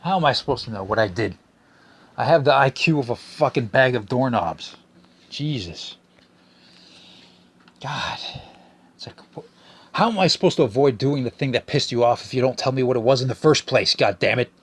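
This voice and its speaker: A man's voice: medium pitch, expressive, normal speed, slightly rough. A man hosting his own podcast alone, talking casually in a profane, exasperated and joking way. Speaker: podcast host. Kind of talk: casual solo podcast rant.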